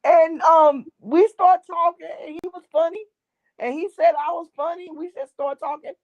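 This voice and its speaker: A woman, a guest gospel artist, telling a long story in an animated way and acting out the voices in it. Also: extremely high pitch, moderate pace, dry recording, muffled recording. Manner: lively, acts out voices in her stories.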